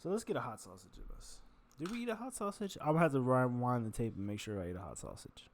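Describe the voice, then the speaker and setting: A man's voice: mid-range voice, big pitch swings, quick pace, a little hiss or hum. A man vlogging while he eats, rambling and joking, swearing casually, his nose a little stuffed up. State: congested nose, full, chewing. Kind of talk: casual eating vlog chat.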